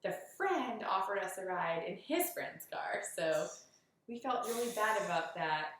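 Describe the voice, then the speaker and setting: A chatty woman recounts a hike in relaxed conversation with her co-host, finishing sentences and laughing along. Her voice sits at a middling pitch. The room around her rings with strong echo. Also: measured pace. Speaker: hiking vlog co-host. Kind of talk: casual chat recounting a hike. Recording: very echoey room.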